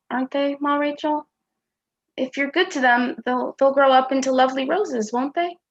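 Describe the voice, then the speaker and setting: A woman's voice: high voice, lo-fi sound. A woman playing a small, hurt young boy. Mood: innocent. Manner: plaintive, childlike questioning. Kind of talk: stage play performance.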